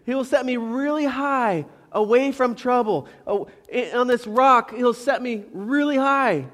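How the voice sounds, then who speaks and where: A man's voice: very high voice, measured pace, fairly bright tone. A male pastor preaching a sermon, stressing words by repeating them and putting questions to the congregation. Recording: long reverb of a hall.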